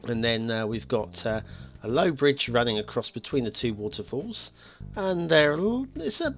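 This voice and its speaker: A man hosting a game map review show, talking casually with many filler pauses. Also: medium pitch, lively intonation, a bit bright. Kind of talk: casual video game commentary. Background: faint background music.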